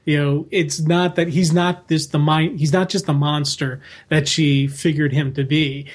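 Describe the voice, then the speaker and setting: A man co-hosting a podcast in casual chat, rambling with frequent restarts. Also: fairly high pitch. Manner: rambling, many restarts and fillers. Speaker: podcast co-host.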